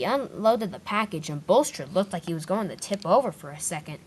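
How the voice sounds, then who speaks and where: A woman tells a homemade toy-train story off the cuff. Her pitch swoops all over, and she often restarts a sentence midway. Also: lively intonation, fairly quick, hardly any pauses, breathy edge.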